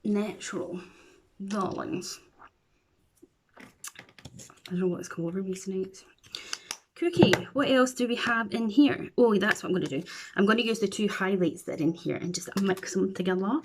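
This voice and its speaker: A woman's voice: medium pitch, moderate pace, pauses often, slight background noise. A Scottish woman chatting playfully through a makeup tutorial at home, with silly asides as she works. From Scotland. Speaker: beauty vlogger.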